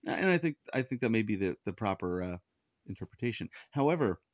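A man's voice: on the low side, sing-song, a little fast, dry recording, dull audio. A man preaching a sermon, teaching in an earnest, conversational way and often restarting his sentences. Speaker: pastor.

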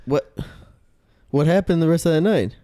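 A man's voice: fairly high pitch, moderate pace, mellow, dry recording. A young man bantering on a podcast, teasing his friends with crude questions. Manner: teasing, crude questions, eager to hear the story. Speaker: podcast co-host. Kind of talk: casual banter.

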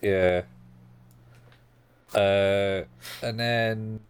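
A man co-hosting a casual podcast chat, retelling anime plot points haltingly with many fillers. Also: fairly low pitch, fairly even intonation, clean tone. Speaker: podcast co-host.

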